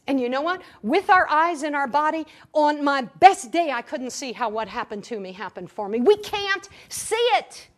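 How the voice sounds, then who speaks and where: A woman's voice: high-pitched, moderate pace, hardly any pauses. A woman spiritual teacher giving an inspirational talk to a live audience, telling stories playfully and often checking in with "right?". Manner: animated storytelling, playful, keeps asking "right?". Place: room with an audience.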